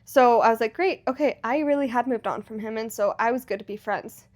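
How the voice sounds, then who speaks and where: A young woman co-hosting a podcast, telling a story in a casual, animated way with lots of fillers. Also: fairly high pitch, a little fast. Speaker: podcast co-host. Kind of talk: casual chat.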